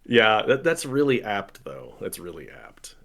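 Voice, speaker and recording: A man and game master chatting on a podcast, animated, self-mocking and quick to laugh. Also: fairly low pitch, gravelly. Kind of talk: casual podcast chat.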